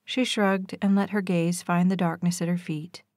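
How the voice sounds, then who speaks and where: Calm lady reading a romance audiobook, lowish voice, dead dry close mic. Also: normal speed, dry recording. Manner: calm, even storytelling. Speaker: audiobook narrator. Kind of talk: scripted narration.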